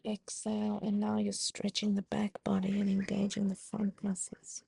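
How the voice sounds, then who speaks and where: An Australian woman teaching mindfulness, calmly guiding slow breathing and gentle movement. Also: medium pitch, creaky, slightly rough, dry recording. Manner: calm, slow, gently instructive. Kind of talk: guided movement and breathing instruction.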